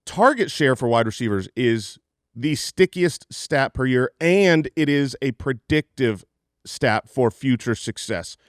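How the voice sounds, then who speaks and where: Lively animated male sports podcaster. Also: a little slow, no echo, clean studio sound. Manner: animated, jumps high in pitch when excited, laughs often. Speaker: fantasy football podcast co-host. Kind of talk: energetic stat-heavy sports podcast talk. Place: studio, live show.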